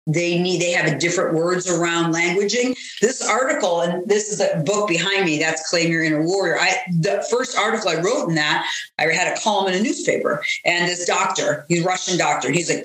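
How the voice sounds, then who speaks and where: A woman's voice: on the low side, brisk, fairly bright tone. Earnest woman coach in a roomy room. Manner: earnest, acts out quoted dialogue. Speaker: coach and author guest. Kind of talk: interview talk. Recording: roomy echo.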